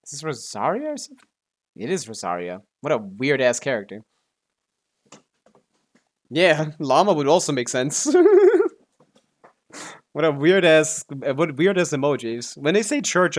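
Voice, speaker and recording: A man streaming a game, talking half to himself in loose, mumbling commentary. He corrects himself often and swears in passing, in a middle-pitched, ordinary voice.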